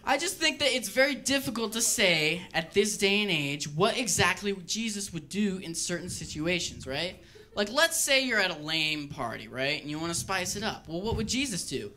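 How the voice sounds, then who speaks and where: A man doing a stand-up routine on a club stage, wry and deadpan with rambling asides. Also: sits high, moderate pace, slight background noise. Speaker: stand-up comedian.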